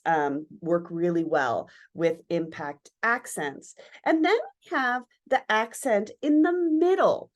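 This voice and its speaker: A middle-aged woman teaching an online dance lesson, explaining eagerly and voicing movement sounds to show the rhythm. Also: on the low side. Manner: enthusiastic, explanatory, acts out sounds like pow and sha-pa. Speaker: dance educator. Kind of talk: online lesson with screen share.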